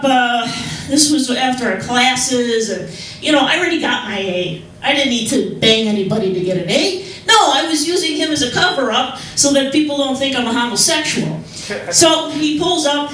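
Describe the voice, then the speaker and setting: Young female stand-up from Chicago, halting rambling delivery, echoey room recording with faint noise. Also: on the high side, fairly bright tone. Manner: rambling, halting, with repeated restarts. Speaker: stand-up comedian. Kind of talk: stand-up comedy set. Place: club stage with audience. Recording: echoey room, mic heard from far off.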